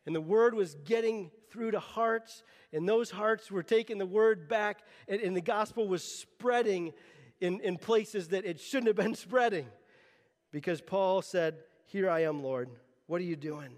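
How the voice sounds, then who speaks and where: A male pastor preaching a sermon, earnest and animated, often restarting his phrases. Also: high-pitched, unhurried, in a large hall.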